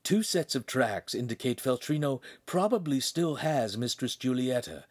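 A man's voice: mid-range voice, lively intonation, normal speed, a little mellow, breathy edge, no room sound, studio quality, pitched above the performer's own voice. A man voicing a small, cautious male imp who speaks in a precise, analytical way. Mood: alert.

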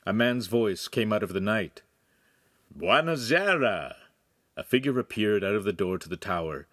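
A man reading a young adult novel aloud in calm, scripted narration. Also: on the low side, a little fast, dry recording, studio quality. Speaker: audiobook reader.

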